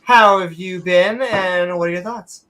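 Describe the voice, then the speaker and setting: A woman's voice: lowish voice, a little slow, a bit bright. A woman hosting a casual livestream chat, bubbly and rambling, laughing often. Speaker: host.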